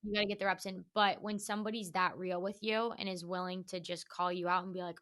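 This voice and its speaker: A young woman hosts a casual podcast conversation, eager and chatty, with "like" peppered through her speech. Her voice comes across bright and sharp. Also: fairly low pitch, level tone, fast, few pauses. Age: young adult. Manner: eager and chatty, heavy use of "like". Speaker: podcast host.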